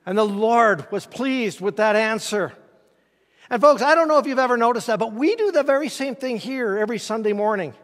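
A man's voice: very high voice, lively intonation, brisk, a bit bright. A man preaching a conversational sermon as pastor, folksy and asking the congregation questions in a church sanctuary. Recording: reverberant church hall.

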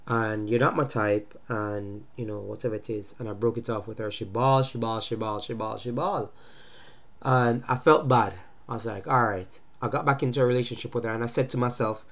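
Young guy with a head cold, stuffed up, talking to camera about dating, keeps asking if you get it, medium pitch. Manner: lecturing, repeatedly asks "you understand?". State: congested from a cold. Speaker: vlogger giving relationship advice. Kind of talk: casual talking-to-camera monologue.

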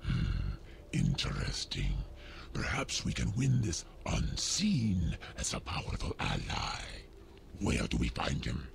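A monstrous spider queen, voiced by a man, growling in an extremely deep, gravelly rumble. Her words crawl out slowly yet rise and fall wildly. A hiss sits under the track. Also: huge pitch swings, exaggerated voice. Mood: commanding. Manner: slow, gravelly, imperious. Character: menacing regal spider queen, cold and commanding.

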